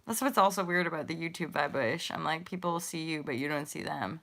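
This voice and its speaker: Her voice is low and fairly bright with some vocal fry, and she talks a little fast. She's in her thirties, hosting a relaxed spiritual livestream where she rambles, giggles, and responds to chat viewers.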